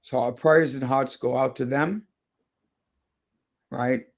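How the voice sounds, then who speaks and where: A man's voice: mid-range voice, steady tone, slow, vocal fry. A man hosting a radio talk show in a studio, chatting casually and airing his opinions as he thinks aloud.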